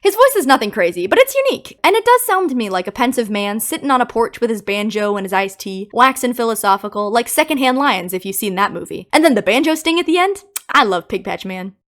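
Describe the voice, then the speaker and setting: Woman YouTuber, casual commentary, playful and opinionated, lively pitch. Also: quick pace, few pauses. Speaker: game theory YouTuber.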